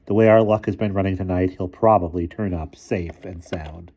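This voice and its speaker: A man's voice: deep voice, fairly even intonation, normal speed, dark tone, dull audio. A man doing an exasperated, gloomy schoolboy. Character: exasperated grumbling teenage schoolboy.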